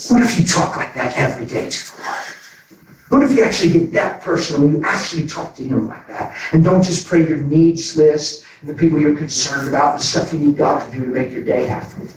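Man, preacher, animated sermon storytelling, acts out dialogue, cavernous echo, distant from mic, faint noise. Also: a little high, a little fast.

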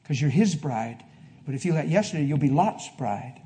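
A preacher giving a sermon to a congregation, telling a personal story, going from hushed to loud. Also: male voice, fairly high pitch, animated, moderate pace, a little hiss or hum. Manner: emphatic, swings from hushed to loud. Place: before a live congregation.

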